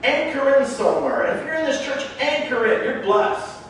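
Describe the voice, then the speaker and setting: A man's voice: very high-pitched, moderate pace. Man, emphatic conversational preacher, distant mic, heavy church echo, faint background noise. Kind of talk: sermon. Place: church sanctuary. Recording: echoey room heard from a distance.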